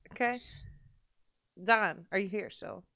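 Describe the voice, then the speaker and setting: A woman's voice: fairly low pitch, normal speed, fairly bright tone, clear, resonant tone, dry recording, clean studio sound. A woman hosting a casual gaming chat stream, chatty and rambling, laughing often. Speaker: podcast host.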